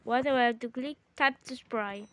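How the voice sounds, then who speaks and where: A woman in casual gaming chat with her sibling, excitable and bickering with quick exclamations. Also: on the high side, slight background noise. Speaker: gamer.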